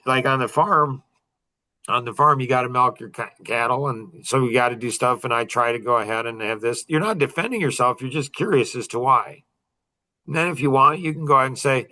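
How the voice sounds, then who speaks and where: A man's voice: medium pitch, a little fast, pushed and bright. A middle-aged man leading a young men's group talk, rambling with many restarts and fillers.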